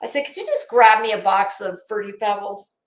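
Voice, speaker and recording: A woman host telling a profane, animated story as a casual rant. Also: medium pitch, brisk. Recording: echoey room.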